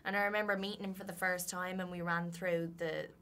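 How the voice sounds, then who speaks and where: An actress with an Irish accent, chatting in a press junket interview and telling a story in a lively way. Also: female voice, on the low side, fairly quick.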